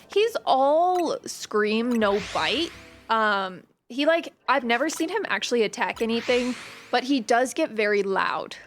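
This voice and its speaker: A woman's voice: on the high side, a bit bright. A woman hosting a casual gaming video, chatty and playful as she talks through her play and tells stories about her cat. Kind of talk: casual gameplay commentary.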